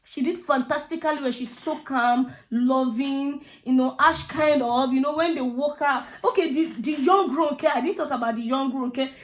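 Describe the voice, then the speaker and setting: A Nigerian woman talks through a film review in a casual, heartfelt way. Her voice sits high, and she gushes with praise, often circling back over her own words. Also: normal speed, hardly any pauses. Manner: effusive, heartfelt, repeats words. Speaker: movie reviewer. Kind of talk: casual spoken movie review.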